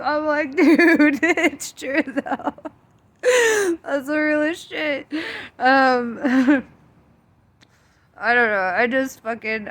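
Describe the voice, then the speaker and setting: Young woman vlogging, lots of giggles n swearing, kinda high voice, just rambling to camera. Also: fairly bright tone. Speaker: tarot vlogger. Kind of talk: casual chat to camera.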